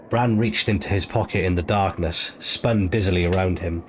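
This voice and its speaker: A man reading an audiobook chapter in a measured, steady narration. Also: low-pitched. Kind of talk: scripted narration. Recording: noisy ambient background.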